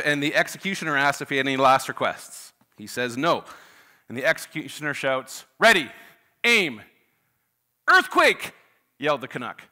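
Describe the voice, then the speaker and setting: A man's voice: a little high, pushed and bright. A man preaching to his church, folksy and chatty, with many filler uhs. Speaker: pastor. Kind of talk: sermon with a joke opener. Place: church sanctuary.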